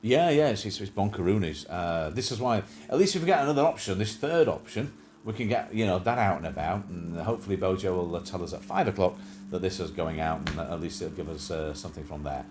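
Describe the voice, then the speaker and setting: A man's voice: deep voice, brisk, darkish tone, a little hiss or hum. A man hosting a casual livestream chat show, rambling and joking with plenty of fillers and restarts.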